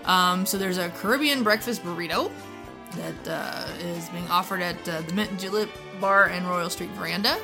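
A woman's voice: fairly low pitch, moderate pace, gravelly, music in the background. A woman co-hosting a podcast, reading menu items in easygoing casual chat. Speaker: podcast co-host.

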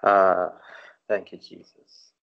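Low, gravelly man on lo-fi audio. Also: completely flat delivery, slow. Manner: earnest and affirming. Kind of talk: casual faith conversation. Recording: dull lo-fi audio.

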